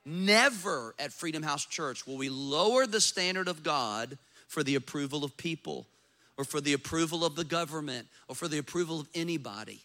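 A man, a pastor preaching a sermon in a church, acting out doubters' voices as he goes. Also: normal speed. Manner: animated preaching, acts out skeptics in a high voice.

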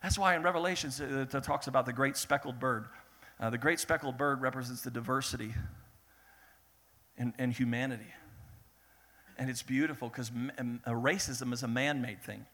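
A man preaching a sermon in a lively way, acting out the people in his story and swinging between loud bursts and hushed lines. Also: mid-range voice, normal speed. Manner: animated, acts out voices of biblical figures, swings between loud and hushed. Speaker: pastor.

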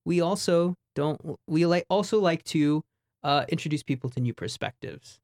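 A man's voice: fairly high pitch, animated, normal speed, darkish tone, no room sound, studio quality. Rambling, joking male radio host. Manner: joking, rambling with many ums. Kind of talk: casual radio chat. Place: radio studio.

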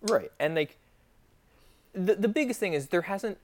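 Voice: medium pitch, expressive, a little slow, a little mellow. Hesitant podcaster chatting casually. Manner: hesitant, many restarts and "like". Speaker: podcast co-host. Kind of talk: casual hockey chat.

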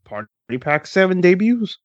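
A man co-hosting a casual wrestling stream, blunt and profane, quick to get excited. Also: high voice, no echo, muffled recording. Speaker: stream co-host.

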